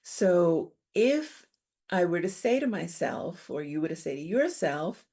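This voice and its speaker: A middle-aged woman giving a calm, explanatory talk on coping with stress, as presenter. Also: on the low side, measured pace, slightly rough. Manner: calm, validating, explains step by step.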